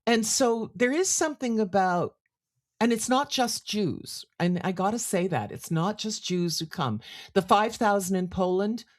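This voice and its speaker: An older woman, a singer and actor from France raised in Canada, telling animated stories as an interview guest. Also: mid-range voice, measured pace. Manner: animated storyteller, drops into quoted voices. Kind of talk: conversational interview storytelling.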